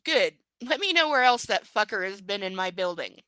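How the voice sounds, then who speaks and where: A woman's voice: medium pitch, animated, normal speed, pushed and bright, no room sound. A woman reading the lines of a curt, controlling rich young man in a clipped, commanding way.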